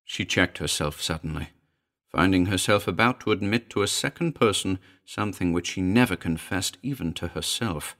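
Deep gravelly man narrating a ghost story. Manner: measured, expressive storytelling.

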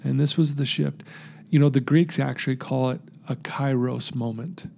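Male guest, gravelly husky voice, earnest animated storyteller. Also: mid-range voice, moderate pace. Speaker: guest telling his recovery story. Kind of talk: personal storytelling interview.

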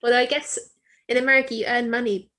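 A woman co-hosting a podcast, chatting casually and telling stories with lively acted-out quotes. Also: on the high side, fast. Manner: lively storyteller, acts out quotes. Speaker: podcast co-host. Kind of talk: casual chat.

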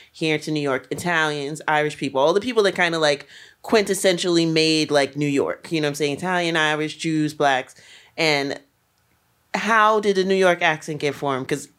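Rambling podcast co-host, mid pitch. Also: normal speed, a bit bright, smooth. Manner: rambling, full of filler phrases. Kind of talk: casual chat.

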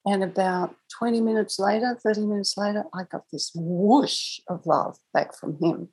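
A woman's voice: mid-range voice, normal speed, darkish tone, husky, low-quality recording. A woman guest on a podcast telling a personal story in a reflective, conversational way, laughing now and then. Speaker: guest, angel communicator.

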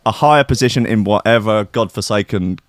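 Teasing podcast host. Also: male voice, lowish voice, brisk, no room sound. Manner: teasing, bantering. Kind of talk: casual chat.

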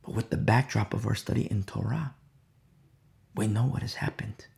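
A man preaching a Bible sermon, repeating key phrases, asking "You see?" and swinging between loud emphasis and quiet asides. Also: lowish voice, steady tone, moderate pace, gravelly. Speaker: Bible teacher.

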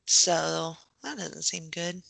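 Bright-voiced woman co-host, dry sound. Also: on the low side, animated, vocal fry, no room sound. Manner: playful, quick reactions, laughs often. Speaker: podcast co-host. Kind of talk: casual movie watch-along chat.

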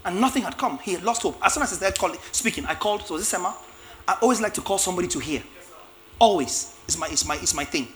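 Guy preaching, high bright voice, bounces all over, shouts and laughs. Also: fast. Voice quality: animated, acts out biblical characters with shouts and laughter. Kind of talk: sermon.

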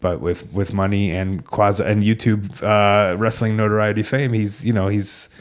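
A man in casual podcast conversation who talks in a wry, halting way, with many "uh"s and restarts. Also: fairly low pitch, fairly even intonation.

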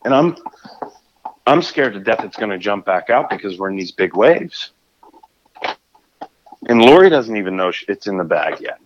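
A man telling a fishing story in a casual, animated way, often restarting his sentences. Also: on the low side, moderate pace, pauses often, muffled recording, a little hiss or hum. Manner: animated, acts out his own shouts and scrambles with restarts.

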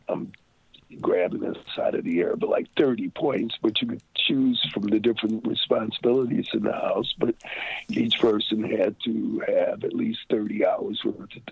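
Gravelly older man on a tinny line. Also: medium pitch, no room sound. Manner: rambling anecdotes with many fillers and restarts. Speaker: interview guest. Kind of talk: storytelling in an interview. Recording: phone-like lo-fi line.

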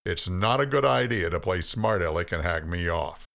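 A man voicing God as an all-powerful, stern but patient father figure, explaining things in a calm, folksy way. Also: deep voice, a little slow, creaky, full character voice. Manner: stern, then soft and calm.

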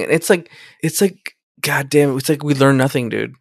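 A man's voice: a little high, fairly even intonation, moderate pace, no echo, clean studio sound. A man co-hosting a podcast, rambling through a story in a casual chat, swearing a lot and calling everyone "dude.". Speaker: podcast co-host.

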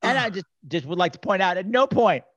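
A high-voiced man hosting a podcast in an animated, gossipy chat, often slipping into loud impressions of other people. His voice sounds dry and close, with a dull, lo-fi tone. He talks in a loose, rambling way with restarts. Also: a little fast, no echo. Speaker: podcast host.

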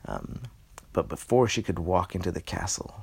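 A man improvising a bedtime story, halting and filling pauses with ums as he works out what happens next. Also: sits low, gravelly, darkish tone, slightly rough. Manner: halting, with many pauses and fillers.

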